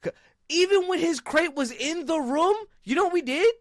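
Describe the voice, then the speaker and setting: A man co-hosting a podcast in casual chat, with a Baltimore accent, swearing freely and breaking into high excited yelps when he retells a story. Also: normal speed, no echo, studio quality. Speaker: podcast co-host.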